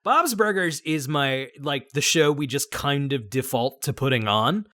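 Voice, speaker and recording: A man's voice: medium pitch, expressive, measured pace, sharp tone, no room sound, clean studio sound. A man chatting casually as a guest on an art show, laughing often as he talks. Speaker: guest prompt-giver. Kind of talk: casual chat.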